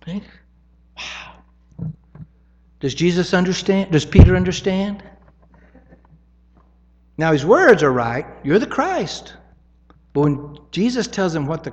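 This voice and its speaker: A man's voice: on the high side, a little mellow, in a large hall, lo-fi sound. A man preaching a sermon in an easy, conversational teaching way, often checking in with "right?".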